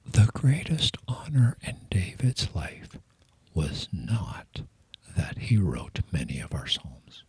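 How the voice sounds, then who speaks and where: A man's voice: on the low side, a little mellow, slightly rough, no echo. A man giving an earnest, emphatic sermon in a whispery, strained voice, speaking intimately to his listeners. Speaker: preacher.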